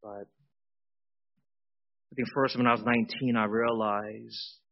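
A man in his forties giving a personal testimony in a sermon, swinging from loud emphatic bursts to quiet intimate asides. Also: fairly low pitch, level tone, a little slow, gravelly, muffled recording.

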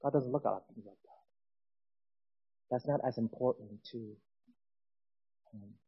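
A man in his forties giving a personal testimony in a sermon, swinging from loud emphatic bursts to quiet intimate asides. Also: medium pitch, measured pace, breathy edge, muffled recording.

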